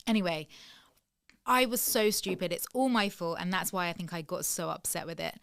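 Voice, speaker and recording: A woman co-hosting a casual podcast chat, telling animated stories and laughing often. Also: fairly low pitch, moderate pace, clear, resonant tone, no room sound, clean studio sound. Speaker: podcast co-host.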